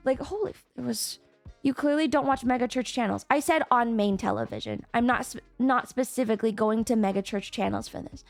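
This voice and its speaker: A woman with a high voice rambles through a casual stream chat, swearing freely. Her sound is dry and close, and faint music plays underneath. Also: dry recording.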